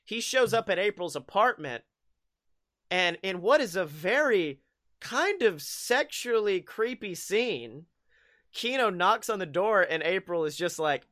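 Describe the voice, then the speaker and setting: Guy on a podcast rambling through a movie recap, swears a lot, high bright voice. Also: expressive, measured pace. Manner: rambling, profane, laughs often. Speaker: podcast host. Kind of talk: casual chat recapping a movie.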